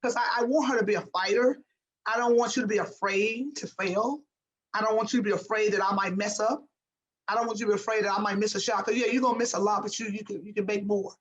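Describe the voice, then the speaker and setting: A woman's voice: mid-range voice, steady tone, quick pace, lo-fi sound. Emphatic woman, a motivational basketball coach. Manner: emphatic, repeats phrases for effect. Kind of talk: motivational interview talk.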